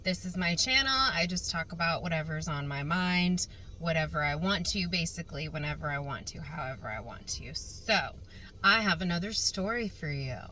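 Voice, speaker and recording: A young woman vlogger telling a casual storytime rant, animated and exasperated, swearing freely. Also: deep voice, normal speed, a little hiss or hum, low-quality recording.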